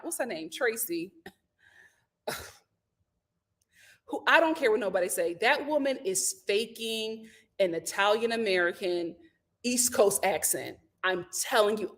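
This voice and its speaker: A woman with a high voice dishes on reality TV in a casual recap. She is sassy and slangy, firing off blunt opinions like a regular host chatting with her viewers. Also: fairly bright tone. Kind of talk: casual live recap chat.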